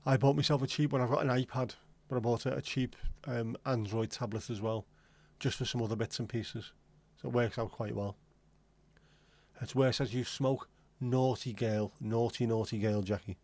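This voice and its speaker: A man hosts a relaxed live stream, answering viewer comments in friendly, teasing banter. His voice sits at an ordinary middle pitch, and the sound is close and dry with no room echo. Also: normal speed, creaky. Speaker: livestream host. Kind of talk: casual chat reading out viewer comments.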